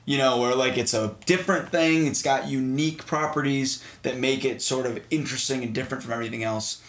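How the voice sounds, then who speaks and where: A man from Massachusetts, co-hosting a casual movie discussion and talking in an animated way. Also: mid-range voice, brisk. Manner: animated, does mocking impressions. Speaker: podcast co-host. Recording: echoey room.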